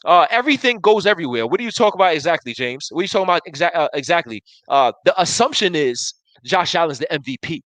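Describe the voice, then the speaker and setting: A man's voice: fairly high pitch, lively intonation, quick pace, hardly any pauses, a bit bright, dry recording, low-quality recording. A man in his thirties hosting a live sports talk show, arguing emphatically and restarting his sentences as he reads viewer comments. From Buffalo area, US. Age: 30s.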